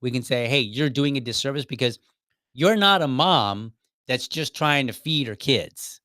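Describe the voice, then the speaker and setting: A man's voice: medium pitch, expressive, moderate pace, bright, forceful tone, no room sound, clean studio sound. A man in his forties talking casually as host of a dad podcast, rambling a little, with restarts and asides. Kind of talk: casual monologue.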